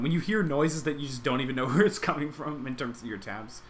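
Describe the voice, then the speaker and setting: A man's voice: mid-range voice, animated, quick pace, few pauses, soft background music. A young man streaming live, rambling casually as he reacts to his chat and to videos, with lots of "like" and restarts.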